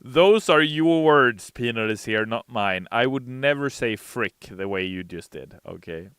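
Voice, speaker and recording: A man in a sleepy, relaxed live-stream chat, answering viewers with many hesitations and reading their messages aloud. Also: lowish voice, moderate pace, clear, resonant tone, no room sound. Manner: reads chat messages aloud in a brighter, louder voice; relaxed, hesitant with frequent uh fillers.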